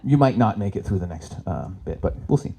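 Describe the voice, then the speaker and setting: A man's voice: deep voice, a little fast, gravelly, slightly rough. A man from Canada doing a stand-up comedy set at a live event, telling stories and acting out the people in them. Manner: animated storytelling, acts out characters with voices. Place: expo stage in front of a live audience.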